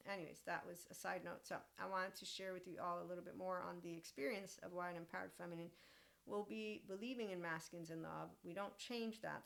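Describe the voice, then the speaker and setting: Woman podcast host rambling casually, lots of laughs, bit low pitched. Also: gravelly. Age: young adult. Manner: animated, laughs often, acts out quoted lines. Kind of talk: casual monologue.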